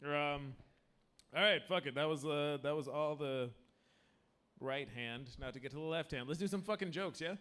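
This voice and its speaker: A man's voice: fairly high pitch, moderate pace, a bit bright, clean tone. A man doing a crude, rambling open-mic stand-up set on stage with a handheld mic, a little drunk, often cutting himself off mid-sentence. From United States. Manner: crude, rambling, self-interrupting. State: tipsy. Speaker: stand-up comedian.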